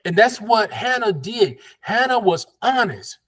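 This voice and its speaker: A man's voice: high-pitched, animated, unhurried, a bit bright. A man from the American South leading an interactive Bible study as pastor, conversational and affirming, drawing call-and-response.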